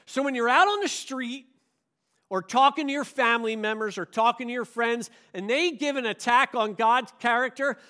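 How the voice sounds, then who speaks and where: A man preaching a sermon, emphatic and animated, leading his congregation in call-and-response. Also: very high voice, moderate pace. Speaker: pastor.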